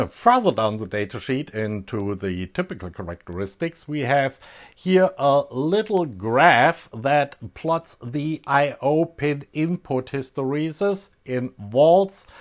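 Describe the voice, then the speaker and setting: A man with a German accent walks through his measurements at an unhurried pace, stopping often to think aloud. His voice sits at an ordinary middle pitch, and his tone is casual and technical. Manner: slow, thinking aloud with many fillers. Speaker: electronics hobbyist host.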